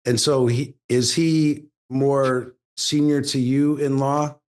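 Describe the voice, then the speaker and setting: A man's voice: mid-range voice, level tone, slow pace, darkish tone, clear, resonant tone. Rambling male interviewer, mid voice. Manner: asks long, rambling questions full of fillers. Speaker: interviewer, lawyer host. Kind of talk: casual interview.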